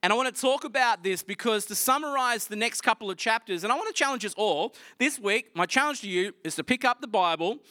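A male preacher retells a scripture story in a lively, casual storytelling manner. His voice sits high and bright. The sound is close and dry. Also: quick pace, hardly any pauses, dry recording. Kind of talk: sermon.

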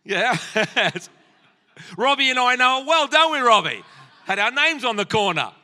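An Australian man in his sixties delivers a sermon, weaving personal stories and jokes aimed at the people in front of him. His voice sits high for a man. It has a sharp, very bright edge. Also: sing-song, a little slow. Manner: storytelling with humor, addressing the congregation.

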